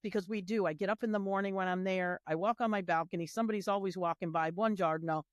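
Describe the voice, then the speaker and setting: Animated storytelling woman, dry close sound. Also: medium pitch, fast talker, no room sound. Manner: animated storyteller, acts out quoted voices. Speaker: guest, heritage tour organizer. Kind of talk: casual panel conversation.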